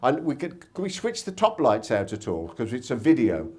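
Brief: male seminar speaker, lively pitch, storytelling, tag questions, hotel conference room. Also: moderate pace, a little hiss or hum. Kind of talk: motivational talk with anecdotes.

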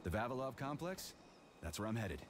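A man's voice: medium pitch, big pitch swings, a little fast, a little hiss or hum, natural voice. A man voicing a wry, laconic agent hero. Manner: laconic, dry, wisecracking. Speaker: special agent protagonist.

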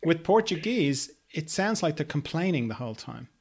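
A man hosting an interview podcast, talking in a loose, hesitant way with gentle humor. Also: a little high, very animated, normal speed. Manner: rambling with many ums and hesitations, gently humorous. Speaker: podcast host. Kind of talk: casual interview chat.

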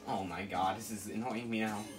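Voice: mid-range voice, fairly even intonation, a little fast. A gamer giving live commentary over a fighting game, exasperated, exclaiming and pleading at the opponent. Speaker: let's play gamer.

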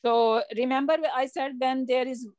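A woman with a high voice teaches a grammar lesson, explaining patiently and asking her students questions as she goes. Her speech comes through dry and close, with no room sound around it. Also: little pitch movement, normal speed, darkish tone, no room sound. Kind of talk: online class lesson.

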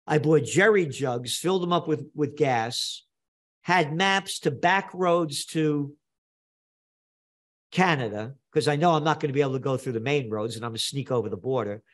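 A man's voice: a little high, moderate pace. Blunt older New man. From New York. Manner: emphatic, blunt, repeats phrases for effect. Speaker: guest. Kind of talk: animated storytelling interview talk.

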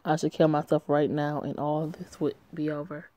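A woman voicing a despairing, self-blaming young woman in a story game, read flat and low-key. The voice is low and mellow. It sounds dry, close to the mic. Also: moderate pace, dry recording, close to an everyday voice. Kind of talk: reading a story game aloud.

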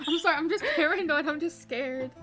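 Jittery female gamer, high bright voice, rapid delivery. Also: faint music behind. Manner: anxious, quick, laughing. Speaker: co-player. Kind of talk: excited gaming chat.

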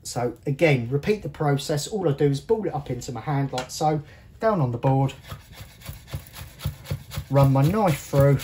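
A man's voice: mid-range voice, lively intonation, moderate pace, pauses often, darkish tone, a little hiss or hum. A man hosting a cooking show, chatting casually as he walks viewers through each step of a recipe in a kitchen. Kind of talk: cooking demonstration.

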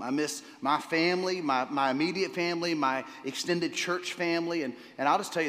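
A man pastor preaching a sermon to his congregation, enthusiastic, often repeating words and pausing with fillers. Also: fairly high pitch, fairly bright tone. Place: church sanctuary. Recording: long hall reverb.

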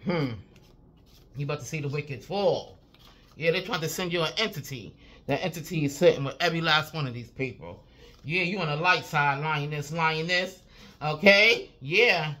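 This intuitive reader's low-pitched voice carries a bright, forceful edge as she talks at normal speed through a loose, swear-filled spiritual reading. Casual rather than polished, she keeps saying "I'm telling you" for emphasis and chuckles often along the way.

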